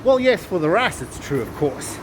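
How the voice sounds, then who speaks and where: A man's voice: fairly high pitch, big pitch swings, normal speed. A man voicing a greedy male monkey in a folk tale who keeps protesting. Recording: street traffic noise behind.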